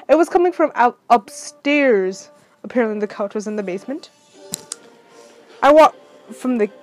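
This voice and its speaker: A woman with a fairly high voice reads her own fan fiction aloud at home. She sounds stuffy, as if she has been crying, and she often trips over a phrase, stops and starts the sentence again. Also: poor audio. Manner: halting reading, stumbles and corrects herself. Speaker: amateur story reader.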